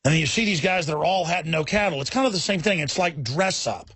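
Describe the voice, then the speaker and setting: A man hosts a radio call-in show and rants in a heated, emphatic, rambling flow. His voice sits high for a man and sounds husky. The sound is dry and close. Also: expressive, fast, fairly bright tone, dry recording. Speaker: radio talk show host. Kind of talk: ranting talk radio monologue.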